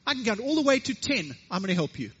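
A man's voice: high-pitched, sing-song, quick pace, fairly bright tone, breathy edge, lo-fi sound, exaggerated voice. A man voicing a brash, friendly male warthog in a sermon story. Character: helpful boastful male warthog.

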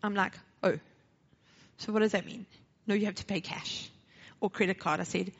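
A woman's voice: mid-range voice, moderate pace, husky. A woman with a South African accent telling a personal testimony at church, acting out the dialogue, then moving into a short sermon. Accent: South African English. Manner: animated storytelling, acting out dialogue. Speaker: church speaker sharing a testimony. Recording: dull lo-fi recording.

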